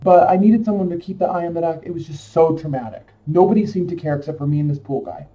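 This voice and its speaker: A man's voice: on the high side, lively intonation, quick pace, dark tone, far from the mic. Emotional man telling a rambling story. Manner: emotional, rambling, many fillers. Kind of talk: casual personal storytelling. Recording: dull lo-fi sound from off-mic.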